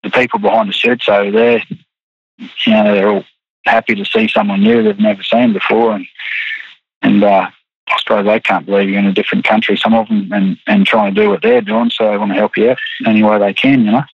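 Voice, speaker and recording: Gravelly laid-back Australian man. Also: fairly low pitch, fairly quick, muffled recording, noisy background. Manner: laid-back, rambling, many restarts and "you know". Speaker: rodeo rider, guest. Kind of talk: casual interview chat.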